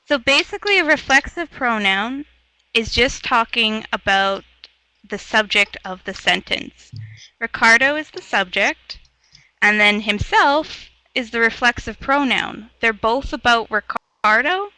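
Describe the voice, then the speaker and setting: A woman from Canada teaching an online English lesson, patient and encouraging, explaining slowly. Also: a little high, expressive, sharp tone, clean tone, no echo, low-quality recording. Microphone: video call headset or laptop mic.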